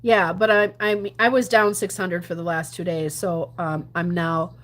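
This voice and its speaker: A woman's voice: on the low side, flat delivery, a little slow, fairly bright tone. A woman chatting casually on a livestream, answering viewer comments, laughing often and dropping to mutters and whispers. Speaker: gambling livestreamer.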